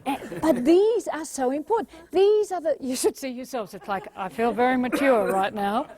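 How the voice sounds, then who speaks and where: High, lively woman leading a workshop. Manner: playful, acts out quoted voices with gasps; addresses and directs a live audience. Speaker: workshop trainer. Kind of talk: motivational workshop talk.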